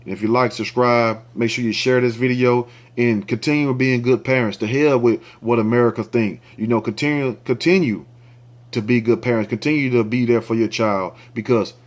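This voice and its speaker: A man's voice: mid-range voice, steady tone, moderate pace. A man hosting a commentary show, reading a news story aloud and breaking in with angry, cursing remarks aimed straight at his viewers. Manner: indignant, ranting, swears freely; talks straight to viewers, asks for likes and shares.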